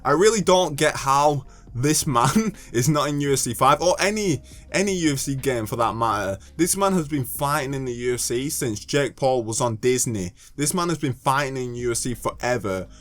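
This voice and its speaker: A man's voice: medium pitch, lively intonation, normal speed, few pauses, fairly bright tone. A young British man making a casual gaming commentary video, joking and ranting and stumbling over hard names.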